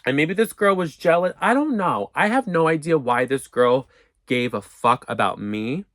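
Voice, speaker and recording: Animated young man telling a storytime. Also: a little high, normal speed, dry recording. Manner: animated, profane, acts out quotes. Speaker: storyteller vlogger. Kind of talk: casual storytime monologue.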